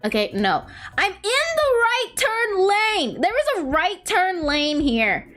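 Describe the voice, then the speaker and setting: A young woman streamer with a high, bouncy voice that swoops up and down as she tells rambling, self-mocking stories. She chats casually while drawing, and faint music plays behind her. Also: big pitch swings, slow, a bit bright.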